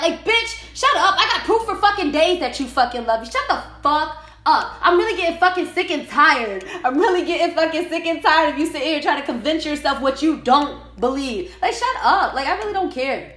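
A woman's voice: high-pitched, lively intonation, fairly quick, hardly any pauses, sharp tone. A woman ranting angrily in a heated, profane monologue, repeating herself as she vents. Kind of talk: angry venting monologue. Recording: echoey room.

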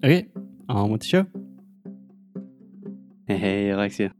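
A man's voice: lowish voice, lively intonation, unhurried, a little mellow, soft background music. A man with a Southern American accent, co-hosting a casual podcast and teasing his partner. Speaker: podcast co-host.

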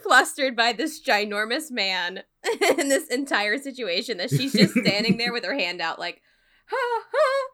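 A woman playing a tabletop game, giggly and excited. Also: on the high side, moderate pace. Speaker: player. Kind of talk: casual tabletop play.

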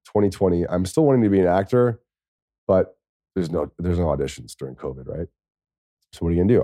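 An American man in his thirties, a podcast guest, telling stories in a casual, lively way, swearing now and then. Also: deep voice, dry recording, studio quality. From United States. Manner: lively, swears, acts out quoted speech. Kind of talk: casual storytelling.

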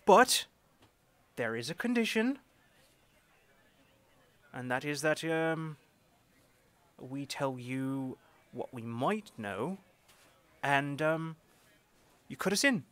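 A man's voice: fairly high pitch, sing-song, takes it slowly, pauses often, fairly bright tone, dry recording, pitched above the performer's own voice, full character voice. A man voicing a sly, chuckling male dealer in a tabletop game. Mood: scheming. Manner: amused, chuckling while talking.

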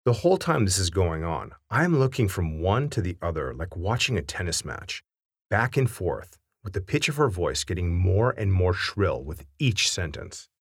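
A man reading a family anecdote aloud with wry, animated storytelling. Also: low voice, moderate pace, slightly rough, no room sound, studio quality.

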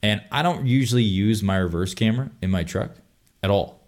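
A young man telling a long story on a casual podcast, animated and full of swearing. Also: fairly low pitch, fairly quick. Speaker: podcast host.

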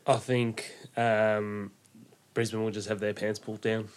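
Male co-host, lowish voice, dry blunt quips, casual footy talk. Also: flat delivery, measured pace, clean tone. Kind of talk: casual sports chat.

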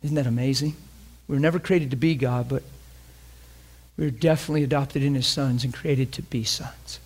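This preacher talks a little fast, with a medium-pitched, steady voice, delivering a passionate sermon that moves from loud emphasis down to hushed near-whispers. He also questions his congregation directly.

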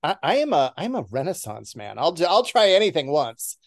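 A man's voice: on the high side, very animated, a little fast, dry recording, clean studio sound. A middle-aged man as an interview guest, confident and wisecracking. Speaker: podcast guest. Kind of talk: casual interview chat.

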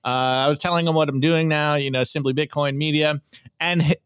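A man hosting a podcast, reviewing memes in casual, energetic chat and often repeating words as he starts sentences. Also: fairly high pitch, fairly quick, clean tone, no echo, clean studio sound. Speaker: podcast host.

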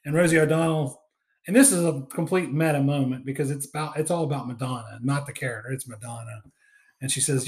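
A man's voice: mid-range voice, fast, a little mellow. A man chatting casually on a podcast, recapping a movie with lots of fillers and acted-out quotes. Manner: rambling, many fillers, acts out quoted lines. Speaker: podcast co-host.

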